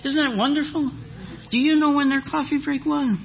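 A man preaching a sermon as a guest speaker, telling a lively story and acting out the voices of the people in it. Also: very high-pitched, normal speed, creaky, lo-fi sound, slight background noise. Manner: animated storyteller, acts out quoted voices. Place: church hall.

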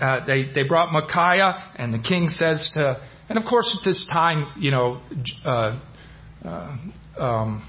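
Man, high voice, informal sermon, rambling storytelling with fillers, dull lo-fi church recording. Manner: storytelling with fillers and restarts, acting out quotes. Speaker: Bible teacher.

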